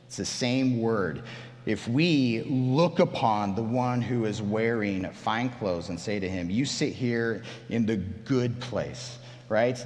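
A man preaching a sermon as pastor, emphatic and animated, often restarting his phrases. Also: fairly low pitch, in a large hall.

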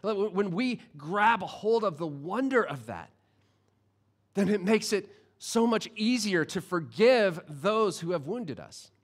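A male pastor delivering a sermon with a voice a bit higher than most men's. He talks casually and with humor, stumbling over words and restarting often as he works through his points. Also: animated, slow. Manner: conversational and humorous, with frequent restarts and fillers.

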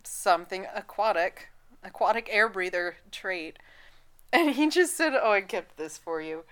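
A woman co-hosting a casual podcast chat, giggly and laughing often, audibly high. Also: lively intonation, unhurried, fairly bright tone. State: high on cannabis. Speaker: podcast co-host.

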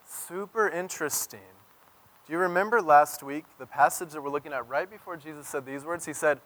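Animated male pastor preaching. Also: on the high side, brisk. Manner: storytelling, swings from loud emphasis to near-whisper. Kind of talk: sermon.

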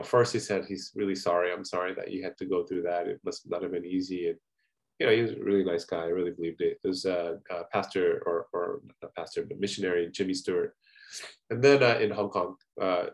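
Earnest man preaching conversationally. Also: fairly low pitch. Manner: earnest, conversational, frequent "you know" asides. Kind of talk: conversational sermon with personal story.

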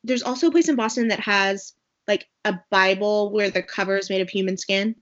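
Recapping a movie on a podcast she co-hosts, a woman chats casually in a brisk, medium-pitched voice. She rambles with many fillers and asides, and the sound is dull and lo-fi.

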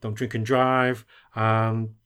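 A man's voice: level tone, slow pace, a bit bright, clear, resonant tone. A man from the UK co-hosting a podcast, playful and jokey in casual banter. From United Kingdom. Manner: playful, jokey, swoops in pitch. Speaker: podcast co-host.

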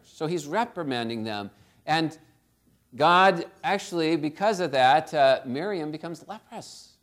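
Earnest male preacher with a high voice, delivering a sermon and calling listeners to humility. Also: animated, unhurried. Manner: earnest, exhorting, direct questions to listeners.

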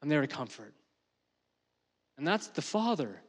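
A man's voice: on the high side, big pitch swings, takes it slowly, pauses often, breathy edge. Preaching man in a reverberant hall. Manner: rises to loud emotional peaks, then drops to soft. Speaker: pastor. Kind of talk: sermon.

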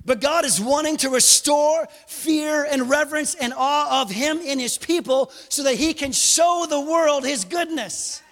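A man preaching a sermon as pastor, animated, with joking asides and bursts of raised emphasis. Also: very high voice, measured pace, few pauses, in a large hall.

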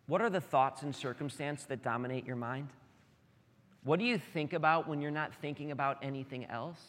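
A man's voice: medium pitch, fairly bright tone. A man in his thirties preaching a sermon as pastor, earnest and building to emphatic peaks. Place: church sanctuary. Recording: hall reverb.

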